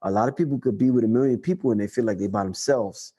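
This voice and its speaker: A man hosting a casual livestream chat, talking loosely and profanely, repeating lines for emphasis and rising to excited highs. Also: quick pace, dull audio. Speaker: livestream host answering chat.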